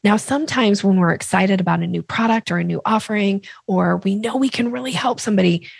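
Gravelly-voiced woman sales expert. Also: mid-range voice, brisk, no room sound. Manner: lively, acts out quoted voices. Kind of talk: explaining with vivid examples.

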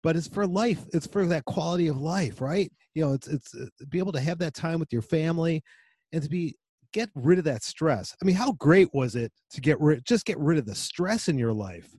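A man's voice: on the high side, expressive, a little fast, a little mellow, husky, dry recording. A man hosting a business podcast interview, chatty and encouraging, with fillers and restarts. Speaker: podcast host.

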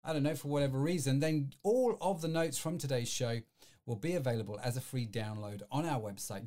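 A man's voice: medium pitch, a little mellow. A man hosting a live-streamed podcast, chatty and rambling, full of fillers and restarts. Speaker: podcast host.

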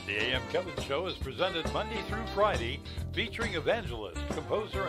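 A man reading a scripted closing announcement for a show, in a smooth, upbeat announcer delivery. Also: fairly high pitch. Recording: voice over loud background music. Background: loud music.

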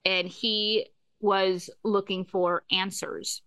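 A woman talks through a TV episode with a co-host in an easy, animated way. She slips into quick impressions of lines and laughs often. Her voice sits at an ordinary middle pitch and sounds dry and close, with no room around it. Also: clean tone, dry recording. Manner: animated storyteller, acts out quotes, laughs often. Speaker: podcast co-host. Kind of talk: casual chat recapping a TV episode.

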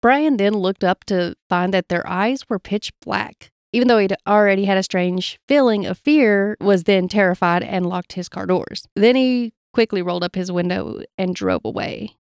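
A woman in a casual podcast chat reads eerie tales aloud, steady and matter-of-fact. Her voice sits at a mid pitch and sounds close and dry, with no room around it. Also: normal speed, few pauses, clear, resonant tone, dry recording. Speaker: podcast co-host telling stories.

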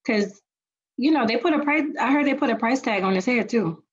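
A woman's voice: fairly high pitch, lively intonation, fairly quick, slightly rough, highs cut off. A woman co-hosting a podcast in casual chat, giving earnest advice. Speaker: podcast co-host.

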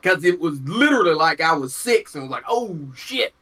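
A man holds forth in loose podcast chat. His voice sits a little high and sounds bright and forceful. He is blunt and profane and gets heated as he goes. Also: lively intonation, a little fast. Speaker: podcast co-host. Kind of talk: casual chat.

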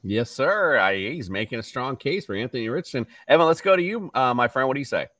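A man's voice: medium pitch, lively intonation, fast talker, fairly bright tone, no echo. A man hosting a casual fantasy football podcast, talking in a loose, rambling and upbeat way. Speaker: host. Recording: distant mic with faint noise.

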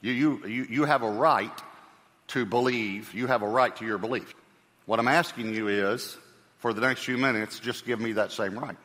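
A man's voice: medium pitch, moderate pace, a bit bright, big-room sound. A man preaching a sermon as pastor, conversational, repeating key phrases for emphasis.

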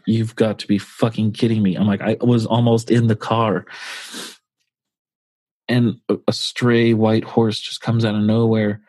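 Husky-voiced man telling a rambling story. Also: on the low side, darkish tone, no room sound. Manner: rambling, profane, full of fillers. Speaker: podcast co-host. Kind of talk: casual storytelling.

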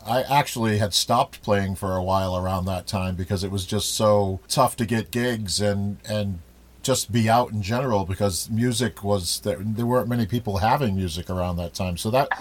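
A man's voice: fairly low pitch, normal speed. A man from Rhode Island hosting a podcast, chatting casually and rambling with many restarts. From Rhode Island, USA. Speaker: podcast host. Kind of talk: casual interview chat.

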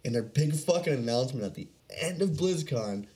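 A man swearing his way through a loose podcast chat, laughing between stories. His pitch swings up and down as he acts out what other people said. He is chatting with a friend. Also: lively intonation, fairly quick, dark tone. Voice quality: profane, laughs often, acts out others' lines. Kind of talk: casual chat.

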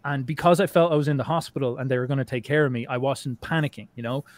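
Fast-talking, rambling man. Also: medium pitch, fairly even intonation, dry recording. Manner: rambling, swears often, many restarts and fillers. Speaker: podcast guest. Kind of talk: casual conversation.

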